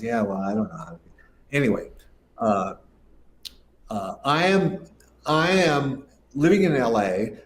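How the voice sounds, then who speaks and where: Older man, casual storytelling, rambling, acts out quotes. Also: medium pitch. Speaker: guest musician.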